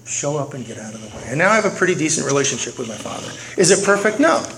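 A man's voice: on the high side, very animated, rapid-fire, a bit bright. A middle-aged man speaking at a recovery meeting, telling his story earnestly and repeating key phrases for weight. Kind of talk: personal recovery testimony. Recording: noisy recording with clicks.

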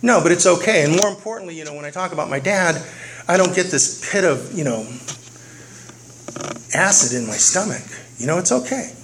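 A man's voice: high-pitched, lively intonation, fairly quick. Earnest man sharing his recovery story. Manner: earnest, repeats phrases for weight. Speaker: speaker at a recovery meeting. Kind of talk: personal recovery testimony. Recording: noisy recording with clicks.

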